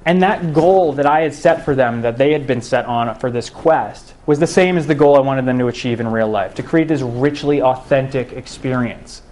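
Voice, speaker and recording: A man's voice: mid-range voice, moderate pace, hardly any pauses, a little mellow. Young man giving a conversational talk. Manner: conversational, asks the audience questions. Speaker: education researcher giving a talk. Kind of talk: public talk to a live audience.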